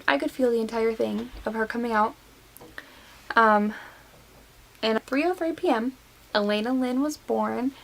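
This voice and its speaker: A woman's voice: fairly high pitch, vocal fry, poor audio. A nineteen-year-old woman vlogging casually to camera, recounting a personal story with lots of fillers, getting teary and emotional. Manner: emotional, many fillers and likes. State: tearful.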